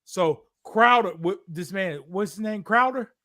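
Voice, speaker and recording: A man co-hosting a streamed talk show, ranting in a confrontational, taunting, profane way and often breaking into shouts. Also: sits high, measured pace, dry recording, studio quality. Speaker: podcast co-host.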